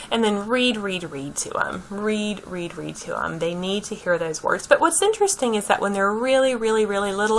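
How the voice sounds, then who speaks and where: A woman's voice: fairly low pitch, sharp tone, slight background noise, poor audio. A woman giving a conversational lecture on early childhood, repeating key points and checking in with her listeners.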